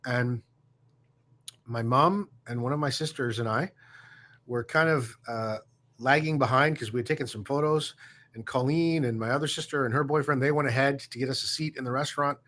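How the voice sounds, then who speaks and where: A man recounts a personal story as a guest, slowly and reflectively, with pauses and fillers. His voice is bright and forward, at a middling pitch. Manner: warm, reflective, halting with fillers. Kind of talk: casual storytelling.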